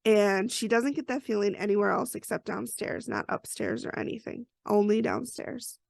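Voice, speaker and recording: Gravelly, chatty woman podcast host. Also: medium pitch, normal speed, no echo. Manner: chatty storytelling with asides. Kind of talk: casual podcast recap.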